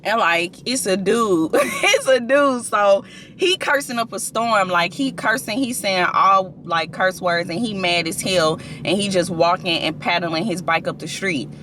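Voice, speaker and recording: A young woman vlogger from St. Louis, chatting casually and telling an animated story in her car. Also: fairly low pitch, moderate pace, few pauses, a little hiss or hum. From St. Louis, USA.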